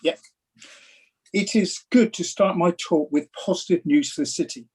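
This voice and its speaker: A man's voice: sits high, moderate pace, darkish tone, husky. A man from the public about to give his statement to a council meeting over a video call. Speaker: public speaker.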